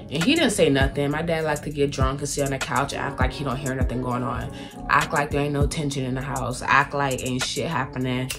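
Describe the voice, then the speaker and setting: A woman's voice: rumbling low, steady tone, brisk. A young woman telling a personal story in candid, profane casual talk, acting out other people's lines. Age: young adult. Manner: candid, profane, quotes people in raised voices. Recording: music playing loudly behind.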